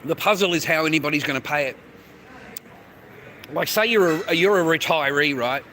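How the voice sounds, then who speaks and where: On a casual livestream, a middle-aged Australian man holds his phone and talks directly to viewers at a moderate pace, rambling in a loose, profane way. The voice is fairly high, pushed and bright, over slight background noise.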